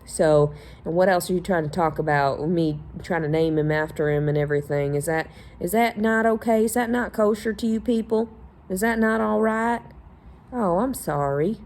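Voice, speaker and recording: A woman with a lowish, mellow voice hosts a podcast alone. She rants in a casual monologue, sarcastic and heavy on profanity, mocking the people she talks about. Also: normal speed. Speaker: podcast host.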